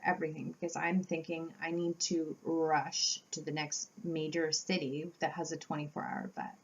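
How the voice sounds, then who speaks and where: A woman vlogger tells a personal story straight to the camera, animated and chatty. She jumps into the voices of the people in her tale as she goes. Her voice sits at an everyday middle pitch, and the home-video sound is a little dull. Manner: animated storytelling, acting out quotes with laughs. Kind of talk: storytime vlog.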